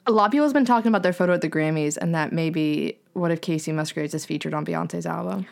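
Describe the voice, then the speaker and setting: Low-voiced chatty young woman. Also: fast, creaky. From American South. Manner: chatty, laughs often, trails off and restarts. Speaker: podcast co-host. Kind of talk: casual chat.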